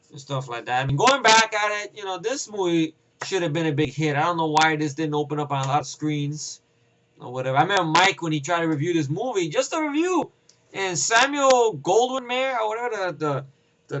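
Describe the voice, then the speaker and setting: A man giving a casual, rambling film review, profane and excitable, acting out scenes with voices. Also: high-pitched, poor audio. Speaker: movie reviewer.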